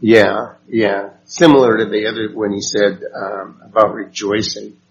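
Slow-paced man leading a Bible study. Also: lowish voice, flat delivery. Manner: slow and unhurried, asks the group questions. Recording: dull lo-fi recording with faint noise.

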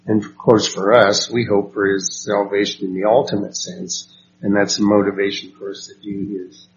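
The dull, slightly noisy lo-fi recording catches a man leading Bible study, slowly reading verses and asking the class questions. His voice is fairly low and level.

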